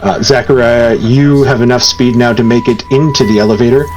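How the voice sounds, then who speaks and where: A man narrates a tabletop horror game as game master, steady and mid-pitched, choosing his words slowly with plenty of ums. Faint music plays underneath. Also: poor audio. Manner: measured, slow, hesitant with many ums.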